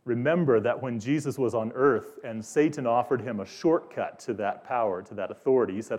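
Mellow-voiced man preaching a sermon. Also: medium pitch, fairly quick, hardly any pauses. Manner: earnest preaching, questions posed to the congregation. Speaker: pastor.

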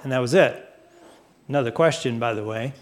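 A man preaching a sermon, speaking deliberately and putting questions to his listeners. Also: mid-range voice. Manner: asks the audience questions; unhurried, deliberate. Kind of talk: sermon teaching.

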